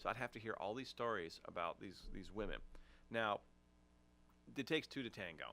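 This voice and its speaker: A man's voice: lowish voice, moderate pace, pushed and bright. A middle-aged man co-hosting a casual podcast, telling rambling stories with lots of restarts and fillers. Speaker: podcast co-host.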